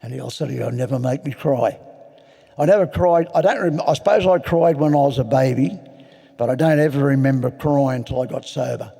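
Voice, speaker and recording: Older aussie bloke telling his story frank and dry, mellow low voice, big echoey hall. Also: fairly quick, gravelly, husky. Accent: Australian. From Australia. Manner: plain-spoken storyteller, frank and self-mocking. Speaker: AA convention speaker. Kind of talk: personal recovery story told to an audience. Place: large hall. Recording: long hall reverb.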